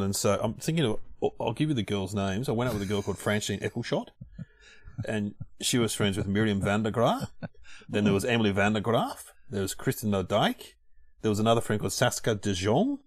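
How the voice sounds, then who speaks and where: Australian male co-host, animated low voice, dry studio sound, chatty storyteller. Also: fairly quick, no room sound. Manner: lively storytelling, laughs often. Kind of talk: casual chat.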